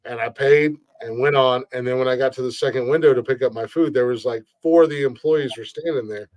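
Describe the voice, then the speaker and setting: A man's voice: mid-range voice, brisk, a little mellow. A man hosting a podcast, telling stories in a loose, profane, rambling way and repeating words as he goes. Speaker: podcast host. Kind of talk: casual storytelling chat. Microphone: streamed podcast mic.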